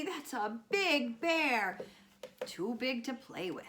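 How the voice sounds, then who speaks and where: A woman speech teacher reading a guessing picture book to young children, animated and encouraging, with gasps and drawn-out words. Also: a little high. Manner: coaxing and encouraging, asking children questions.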